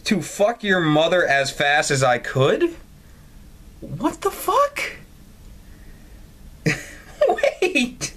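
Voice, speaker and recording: A man's voice: high voice, huge pitch swings, drawn-out words, long pauses, bright, forceful tone. A man playing a mobile story game, giving casual, profane, mocking commentary and often laughing. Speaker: gaming channel host. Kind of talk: casual let's-play commentary.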